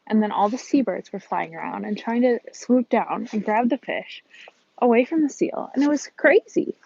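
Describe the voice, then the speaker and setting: A woman's voice: a little high, animated, moderate pace, creaky, darkish tone, husky, lo-fi sound. Chatty Midwestern woman live-streaming outdoors. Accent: American Midwest. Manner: chatty, greets viewers by name, laughs often. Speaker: vlogger hosting a live stream. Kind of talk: casual live-stream chat. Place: outdoors by a harbor.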